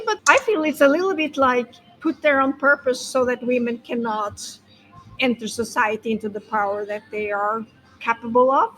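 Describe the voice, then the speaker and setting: A woman's voice: fairly high pitch, a bit bright, low-quality recording. A woman hosting a podcast conversation, thoughtful and sometimes searching for her words. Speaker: podcast host.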